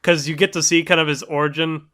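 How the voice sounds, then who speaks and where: A laid-back man co-hosting a casual podcast, rambling through his thoughts. His voice sits fairly high, bright and smooth. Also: little pitch movement, fast talker. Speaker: podcast co-host.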